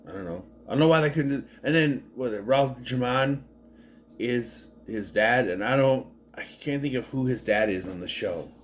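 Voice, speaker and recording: A man's voice: mid-range voice, normal speed, slight background noise. A man casually recapping a film, wry and digressive, with frequent restarts and asides. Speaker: movie recapper.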